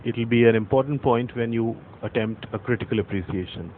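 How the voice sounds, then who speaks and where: Teacher over phone-like audio. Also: male voice, mid-range voice. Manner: patient, repeats points and reads verse slowly with stressed syllables. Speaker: English literature teacher. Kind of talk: explanatory lecture. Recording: phone-like audio with faint traffic noise.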